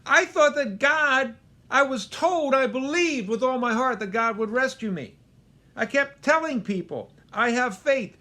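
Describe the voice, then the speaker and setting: A man's voice: on the high side, wildly swooping pitch, slow, long pauses, pushed and bright, slightly rough, exaggerated voice. A man voicing a stubborn man of faith who turns indignant, speaking in a raised, emphatic voice.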